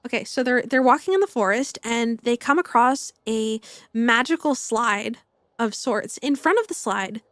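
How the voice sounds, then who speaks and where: Giggly high-voiced young woman streamer. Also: lively intonation, normal speed, no room sound, studio quality. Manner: giggly, rambling, swears casually, loud squeals. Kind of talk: casual gameplay commentary.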